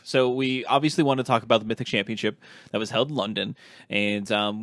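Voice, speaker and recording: A man's voice: mid-range voice, a bit bright, dry recording. A man hosting a casual podcast, rambling through his points with many fillers and restarts. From Ohio. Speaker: podcast host.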